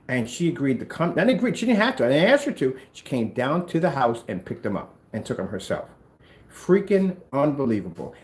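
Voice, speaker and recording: A man running a small business, chatting casually at home and ranting in an animated way. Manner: animated, ranting, talks to his pets in a high voice. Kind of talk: casual vlog chat. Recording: echoey room with faint noise.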